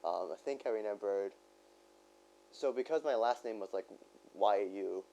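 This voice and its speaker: A man's voice: lowish voice, moderate pace, dark tone, dull audio. A man co-hosting a casual podcast chat, telling rambling stories and laughing as he goes. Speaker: podcast co-host.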